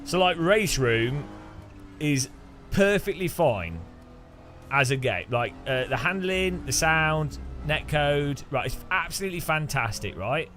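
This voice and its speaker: A man's voice: fairly high pitch, lively intonation, unhurried, fairly bright tone, faint music behind. A man hosting a casual sim racing gameplay commentary, rambling and joking and laughing often between thoughts. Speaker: sim racing channel host.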